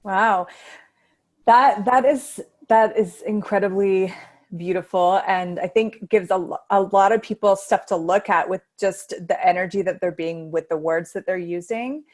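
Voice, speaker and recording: A woman's voice: mid-range voice, unhurried. A woman hosting an interview, affirming her guest enthusiastically and asking questions, heard over a video call. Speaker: host. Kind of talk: interview chat.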